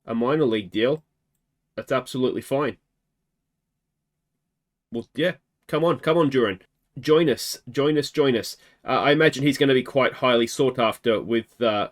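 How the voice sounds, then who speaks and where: An Australian man hosting a game video, chatting casually and thinking aloud with wry asides. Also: mid-range voice. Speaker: gaming video host.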